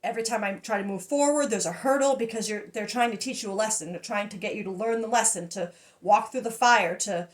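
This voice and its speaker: A woman giving a casual tarot reading, excitable and emotional, often laughing and trailing off mid-sentence. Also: medium pitch, fast, few pauses. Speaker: tarot reader.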